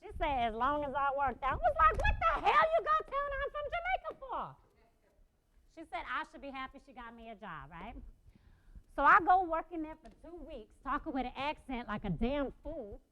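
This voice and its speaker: Lady acting out a sassy mom of five in a one-woman play, high voice, swoopy and blunt, lots of attitude. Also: big pitch swings, brisk, heavy background noise. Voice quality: sassy, talkative, blunt, streetwise slang. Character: sassy, outspoken mother of five, struggling with money. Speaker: stage actress.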